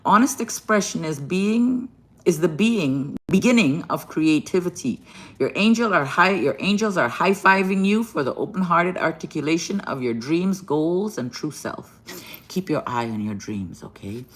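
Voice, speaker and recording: On a live stream from her hotel room, a woman from Guyana gives a loving card reading, often laughing and calling viewers baby and darling. Her voice is fairly low with lively intonation, and she talks at a normal pace.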